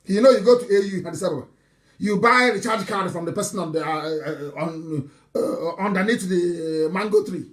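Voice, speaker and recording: A man giving a live broadcast address to his followers, impassioned and mocking, now and then shouting and breaking into laughter, often stumbling and repeating words. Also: sits high, moderate pace. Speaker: movement leader addressing followers.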